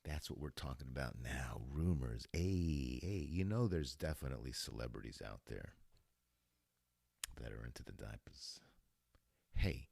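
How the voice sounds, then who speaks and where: Man, podcast host, deep vocal fry, slow rambling talk, dry close sound. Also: animated, no echo. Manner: rambling, laughing, digressive. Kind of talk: casual rambling monologue.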